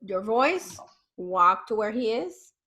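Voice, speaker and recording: A woman parenting therapist coaching parents on a video call, deliberately swinging her voice from high to low. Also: very animated, pushed and bright, rough recording.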